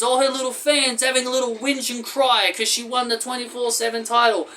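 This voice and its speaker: Man, blunt ranting reviewer, high bright tone. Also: flat delivery, brisk, a little hiss or hum. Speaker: wrestling show reviewer. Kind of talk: opinionated commentary vlog.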